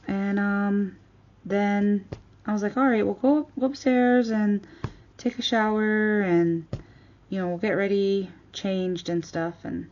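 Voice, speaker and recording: A woman vlogger chatting casually as she crafts, retelling a story with lively quoted dialogue. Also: mid-range voice, muffled recording.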